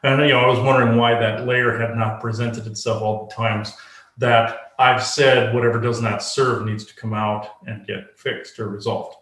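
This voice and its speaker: Man, halting searching talk, channeling session, middle pitch, roomy echo. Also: little pitch movement, fairly bright tone. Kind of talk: casual spoken channeling session.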